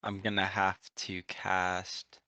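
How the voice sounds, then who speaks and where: Deep, slow-talking man at the game table. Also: completely flat delivery, sharp tone, no room sound. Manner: unsure, halting, many fillers. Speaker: player. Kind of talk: casual tabletop play.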